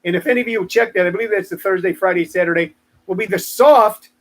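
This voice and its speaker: A man's voice: high-pitched, fast. A man in his sixties, a comedian hosting his live stream, rambling through stories and joking asides to viewers. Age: 60s. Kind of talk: casual live-stream monologue.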